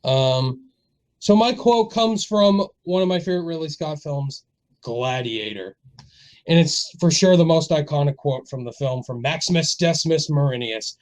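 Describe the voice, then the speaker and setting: Male podcast host, slightly high voice, upbeat, runs the segments. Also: animated, unhurried, darkish tone, poor audio. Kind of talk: casual podcast chat.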